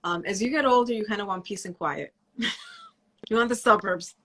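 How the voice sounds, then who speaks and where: A woman guest in a casual chat, speaking relaxed with halting restarts. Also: medium pitch. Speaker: guest, microblading educator.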